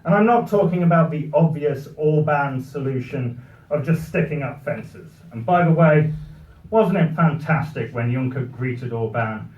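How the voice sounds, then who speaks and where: A man's voice: a little high, lively intonation, unhurried. Dry-witted British man, distant and roomy. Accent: British English. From Britain. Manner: dry, ironic delivery. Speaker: after-dinner speaker. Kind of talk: satirical comic speech. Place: party venue with live audience. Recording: roomy, distant, muffled live recording.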